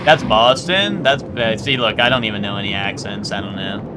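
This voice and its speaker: A man's voice: on the low side, normal speed, noisy background. A young man from New Jersey chatting casually while streaming a video game, rambling with lots of fillers and restarts. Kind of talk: casual live-stream chat over gameplay. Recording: game music behind voice.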